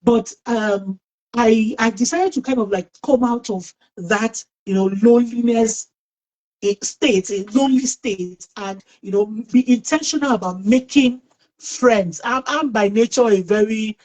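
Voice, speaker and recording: A middle-aged woman hosts an online talk, speaking in a slightly high, lively voice. She tells a personal story in an outgoing way and often restarts her sentences. She is heard over a video call. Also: a little slow, rough recording. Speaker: host.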